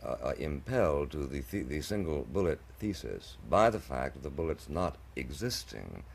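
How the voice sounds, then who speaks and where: A man's voice: rumbling low, sing-song, normal speed, gravelly, husky. A man hosting a televised debate, speaking in ornate, hesitant sentences with frequent stammered restarts.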